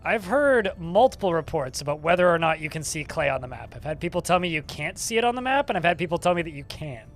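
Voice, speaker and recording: A man's voice: sits high, a bit bright. A young man streaming a game live, chatting casually and sarcastically with his viewers and swearing freely.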